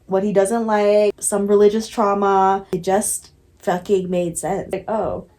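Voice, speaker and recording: Young woman, casual self-reflective vlogger, candid with frequent laughs, mid-pitched voice. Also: level tone, measured pace, warm tone. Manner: candid, laughs often, says "like" a lot, swears casually. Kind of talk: casual reflective vlog talk.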